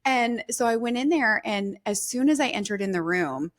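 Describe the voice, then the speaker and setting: A woman guest, a therapist, telling an emotional personal story in an earnest, emphatic and animated way. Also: fairly high pitch, moderate pace.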